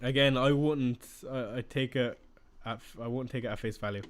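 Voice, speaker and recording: Young guy streaming, chatty, answers chat questions, ordinary mid pitch. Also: fairly even intonation, moderate pace. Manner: chatty, reacting to viewer questions. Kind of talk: casual live-stream chat.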